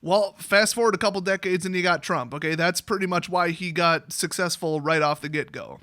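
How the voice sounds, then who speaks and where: Sarcastic ranting man with a bright voice. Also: high-pitched, fairly quick, no room sound, clean studio sound. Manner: sarcastic, exasperated, mocking voices. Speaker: YouTuber. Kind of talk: political rant.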